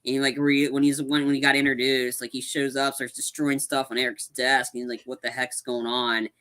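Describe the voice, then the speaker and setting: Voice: mid-range voice, flat delivery, brisk, fairly bright tone. A podcast co-host in casual chat, rambling through a recap with lots of "like". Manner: rambling plot recap full of "like". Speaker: movie review podcast co-host.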